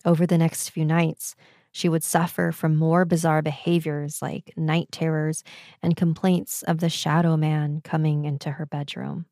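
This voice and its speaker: A woman narrating a true ghost story in a steady, measured way. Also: low voice, dry recording, clean studio sound. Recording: narration over music.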